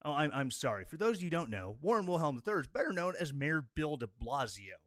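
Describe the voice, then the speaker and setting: A man's voice: fairly high pitch, very animated, fast, no echo, studio quality. A man giving an angry, sarcastic political rant as a commentator. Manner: sarcastic and combative.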